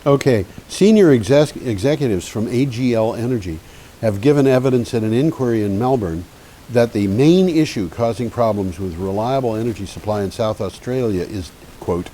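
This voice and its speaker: A man's voice: mid-range voice, mellow. A man co-hosting an energy news show, chatting casually and telling stories with frequent laughs. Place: community TV studio. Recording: faint hiss.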